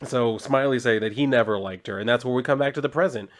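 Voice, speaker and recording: A man's voice: medium pitch, fast. Chatty man reviewing comics. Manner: chatty, joking, many fillers. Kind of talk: casual comic book review.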